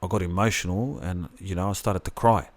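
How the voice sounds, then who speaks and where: A man's voice: low voice, steady tone, a little fast. A man co-hosting a podcast, rambling in casual chat with plenty of swearing and restarts. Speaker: podcast co-host.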